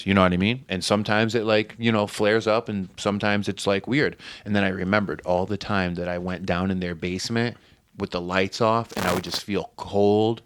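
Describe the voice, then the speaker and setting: A man's voice: sits low, fairly even intonation, moderate pace, clear, resonant tone, no room sound. A man from Connecticut telling a story as a podcast guest in casual, profane chat. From New Haven, Connecticut.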